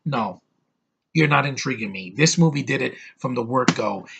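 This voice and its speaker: A man's voice: medium pitch, lively intonation, fairly quick, gravelly, lo-fi sound, noisy background. A young man giving a brash, over-the-top movie review, ranting and swearing as he talks.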